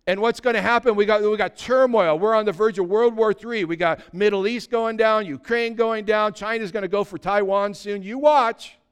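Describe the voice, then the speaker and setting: Male pastor, fervent sermon delivery, fairly high, smooth resonant voice. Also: normal speed, few pauses. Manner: urgent, emphatic preaching with repeated short declarations.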